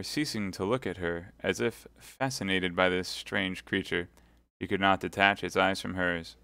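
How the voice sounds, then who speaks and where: A man reading a classic novel aloud live, in a measured, expressive way. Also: sits low, clean tone, dry recording. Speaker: audiobook reader.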